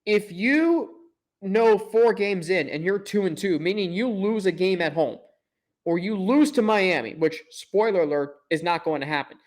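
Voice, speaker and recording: High-voiced emphatic young male podcaster. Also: lively intonation, normal speed. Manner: confident, emphatic, self-deprecating asides. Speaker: podcast host. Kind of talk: opinionated sports podcast talk.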